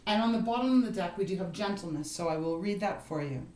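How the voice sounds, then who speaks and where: A woman's voice: on the low side, quick pace, a little mellow, slight background noise. Earnest woman reading tarot in an echoey room. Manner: earnest, encouraging, talks straight to the listener; repeats herself, with frequent "you know" and "right". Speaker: tarot card reader. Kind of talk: tarot reading for a star sign.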